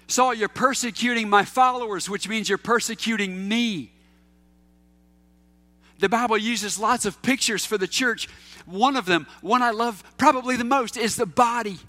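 A man's voice: high-pitched, bright, forceful tone. A middle-aged man preaching a conversational sermon, casual and anecdotal, with fillers and repeated words. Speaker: pastor.

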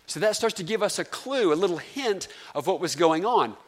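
A man's voice: sits high, expressive, moderate pace. Southern man preaching in a reverberant hall. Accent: Southern American, North Carolina. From North Carolina. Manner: conversational preaching, questions to the congregation. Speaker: pastor. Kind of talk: sermon.

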